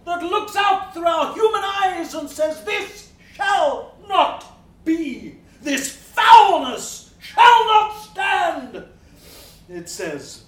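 Brief: male actor as a drunken middle-aged Georgian gentleman, theatrical monologue swinging wildly in pitch, faint background noise. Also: exaggerated voice. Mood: impassioned. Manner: theatrical, swinging between bluster and hushed brooding. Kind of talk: dramatic monologue. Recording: roomy, distant mic.

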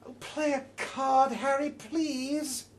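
A woman's voice: high voice, fairly even intonation, slow, pitched above the performer's own voice. A man reading a story aloud and voicing a dry, ironic woman at a card table, with an arch, impatient manner. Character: dry, ironic older woman bridge player.

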